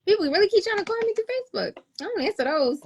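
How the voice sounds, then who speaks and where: A woman's voice: very high voice, lively intonation, racing. A woman co-hosting a casual chat show, teasing and reacting playfully. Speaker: co-host.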